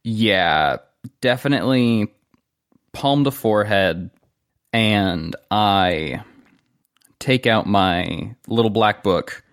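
A man's voice: on the low side, slow, long pauses, smooth, no room sound, clean studio sound. A man playing a tabletop role-playing game, thoughtfully describing what his character does. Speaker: player. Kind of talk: tabletop game play, casual.

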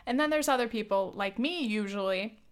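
Chatty young woman podcast host, higher voice. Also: fairly quick. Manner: chatty, lots of "like" and "um", swears freely; acts out quoted dialogue with jumps in pitch. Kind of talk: casual solo podcast storytelling.

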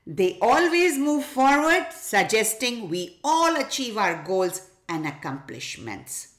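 A woman voicing a calm, thoughtful storybook father. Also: a little high, slow, echoey room, exaggerated voice.

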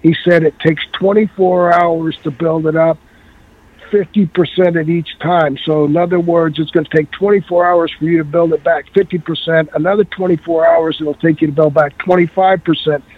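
Husky-voiced man on a tinny line. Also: fairly high pitch, moderate pace, no room sound. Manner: animated storyteller, acts out quoted voices. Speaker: guest. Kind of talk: casual storytelling.

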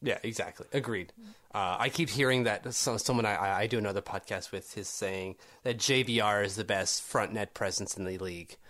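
A man's voice: on the low side, brisk, fairly bright tone. A man co-hosting a casual sports podcast, chatty and argumentative, reading quotes aloud with plenty of ums and restarts. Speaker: podcast co-host.

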